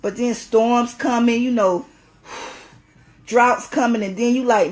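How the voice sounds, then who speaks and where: A woman's voice: on the high side, steady tone, takes it slowly, long pauses, a little hiss or hum. A woman giving an impassioned spiritual talk, emphatic and preachy, repeating phrases for stress.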